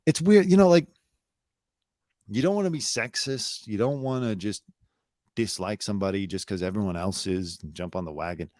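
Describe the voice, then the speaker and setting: Blunt low-voiced man ranting live. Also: moderate pace, darkish tone, no echo, clean studio sound. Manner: blunt, sarcastic, swears freely. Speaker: host. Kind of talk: casual live commentary.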